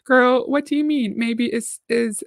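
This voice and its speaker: A woman hosts a casual livestream, reading out viewer comments and reacting to them. Her voice sits a little high. The sound is dry and close. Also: steady tone, a little slow, creaky, no room sound. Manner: chatty, reads out comments and reacts. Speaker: livestream host reacting to a video.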